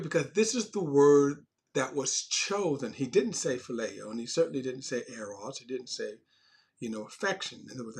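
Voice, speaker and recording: A man's voice: mid-range voice, lively intonation, normal speed. A man teaching an informal Bible class in a conversational way, often restarting phrases and stressing key words.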